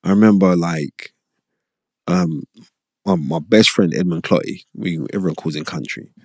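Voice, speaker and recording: A middle-aged man, a podcast host, telling stories from his boxing past in an animated, emphatic way, repeating phrases and often asking "you know what I mean". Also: sits low, moderate pace, creaky, no room sound. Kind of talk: conversational storytelling.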